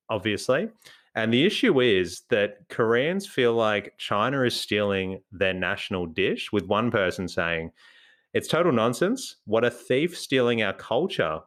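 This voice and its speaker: A man co-hosting a podcast in casual chat, laughing often and reading news aloud slowly. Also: fairly low pitch, fairly bright tone. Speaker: podcast co-host.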